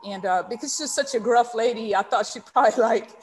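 A woman's voice: fairly high pitch, fairly quick, a little hiss or hum. A woman from Texas, a leadership coach guesting on a podcast, telling a personal story in an earnest, heartfelt way with many ums. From San Antonio, Texas. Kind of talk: storytelling interview.

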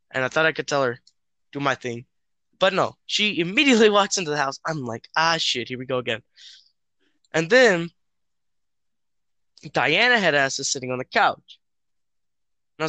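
A man's voice: fairly high pitch, bright, forceful tone, no echo. A young man chatting casually with a friend over a voice call, telling a story in a hesitant, rambling way with lots of fillers and swearing.

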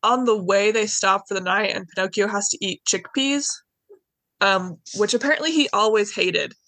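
A woman's voice: medium pitch, normal speed, a bit bright, no room sound. A young woman co-hosting a podcast, casually retelling a story in a chatty, rambling way with lots of "like" and "anyways". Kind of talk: casual chat.

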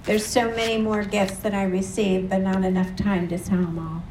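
A woman's voice: medium pitch, level tone, normal speed, a little mellow, a little hiss or hum. A woman preaching a sermon, earnest and leading the congregation in repeated phrases. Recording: roomy echo from a distant mic.

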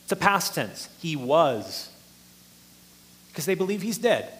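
A man's voice: high voice, very animated, fast talker, fairly bright tone. A man preaching a sermon, explaining a passage earnestly and rising in force for emphasis.

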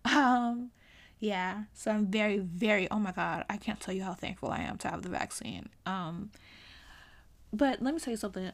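A young woman talking casually to camera in a vlog, animated and exasperated, pleading with sudden high exclamations. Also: moderate pace. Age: young adult. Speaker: vlogger.

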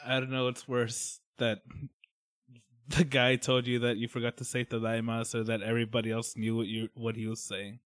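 A man chatting casually on a podcast, teasing his friend and dropping quick wisecracks. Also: mid-range voice, level tone, dry recording. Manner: joking interjections, teasing, dry wisecracks. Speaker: podcast co-host. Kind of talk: casual chat.

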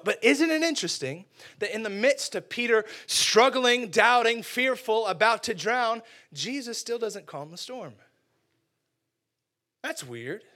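A man preaches a sermon in a relaxed, conversational way. He jokes with his listeners and fills his talk with "like". His voice sits fairly high for a man. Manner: conversational, joking, says "like" often. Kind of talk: casual, humorous sermon.

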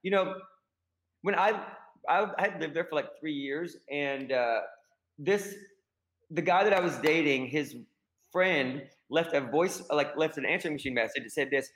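A guest actor from the American South with a Southern accent, telling rambling, self-deprecating stories in a casual podcast chat. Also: male voice, fairly high pitch, normal speed, a bit bright, rough recording.

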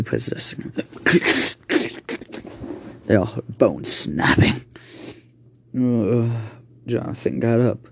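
Slow raspy man telling a horror story. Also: mid-range voice, no echo. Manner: halting, with slips and restarts. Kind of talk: improvised spoken horror story.

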